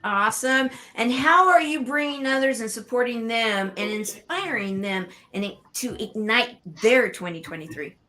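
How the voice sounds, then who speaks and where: A woman co-hosting an online interview show, asking guests questions in a halting way, often searching for words. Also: on the high side, bright, forceful tone. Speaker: show co-host. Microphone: video call.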